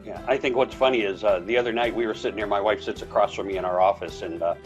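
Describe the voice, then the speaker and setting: A podcast co-host talks casually about relationships, telling anecdotes and acting out bits of dialogue with big pitch jumps. He speaks fast with fairly even intonation otherwise, and the recording is muffled, with faint music behind.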